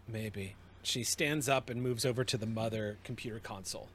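A man running a tabletop game as game master, narrating scenes in an unhurried, descriptive way with small restarts. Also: mid-range voice, a bit bright, a little hiss or hum.

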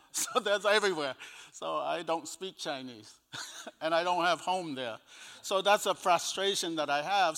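A man's voice: fairly high pitch, normal speed, a bit bright. An older man with a Cambodian accent, an evangelist telling a personal story in an interview, often chuckling and acting out what people said. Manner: chuckles between sentences, acts out quoted dialogue. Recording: long echoey reverb.

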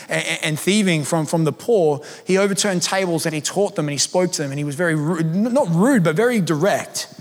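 A man's voice: high voice, fairly bright tone. A man, preaching a sermon in a conversational, self-deprecating storytelling way. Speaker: pastor. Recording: long hall reverb.

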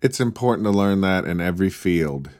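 A man's voice: low voice, animated, a little fast, darkish tone, no room sound. A man co-hosting a casual chat, telling humorous stories with a dry wit. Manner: dry humorous, storytelling, mock-announcer bits. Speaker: podcast co-host.

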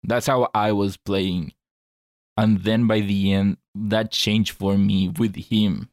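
A man's voice: fairly low pitch, fairly even intonation, slow pace, darkish tone, no room sound, clean studio sound. A man co-hosting a video game podcast, talking in an earnest, reflective way and often restarting his phrases. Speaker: podcast co-host. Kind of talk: casual chat.

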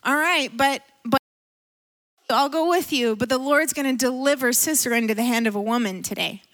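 A bold prophetess, acted by a woman preacher, pressing a hesitant commander with pointed questions. Her voice is high and quick, and her tone is insistent and challenging. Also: a bit bright. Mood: urging. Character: bold female prophet and judge, urging a commander.

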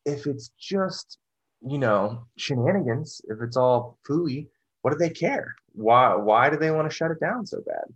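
A man's voice: mid-range voice, animated, measured pace, slightly rough, highs cut off. A man talking in a casual podcast discussion, rambling and restarting, full of "you know".

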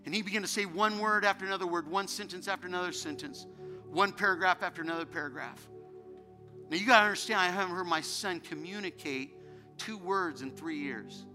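A man's voice: high voice, brisk, sharp tone, faint music behind. A man preaching a sermon as a guest pastor, telling an emotional personal story that builds into fervent preaching. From United States.

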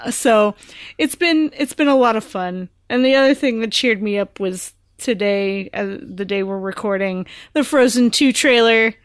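Female co-host, bright higher pitch, chatty and eager, dry sound. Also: moderate pace, clean tone, no echo. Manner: enthusiastic, chatty. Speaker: podcast co-host. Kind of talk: casual podcast chat.

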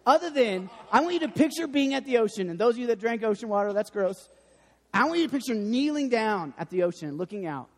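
Young male preacher, high voice, long hall echo, animated storyteller. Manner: animated storytelling, self-deprecating. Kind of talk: sermon.

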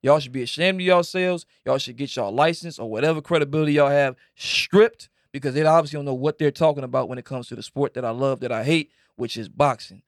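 Animated ranting man, dry sound. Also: medium pitch, quick pace, hardly any pauses, dry recording. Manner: animated, ranting, mimics others. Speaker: podcast co-host. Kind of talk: heated sports talk.

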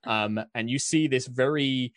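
A man's voice: mid-range voice, measured pace, a bit bright, no room sound, studio quality. A man narrating as dungeon master, describing scenes in a rambling way full of fillers. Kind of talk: narrating a tabletop game.

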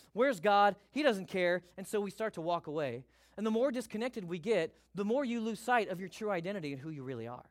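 A man preaching a sermon as pastor, energetic and emphatic, repeating his key points. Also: high-pitched.

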